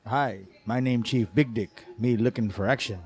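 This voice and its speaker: A male comedian voicing a boastful male chief who talks in broken pidgin inside a dirty joke, delivered blunt and deadpan. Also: medium pitch, moderate pace, close to an everyday voice.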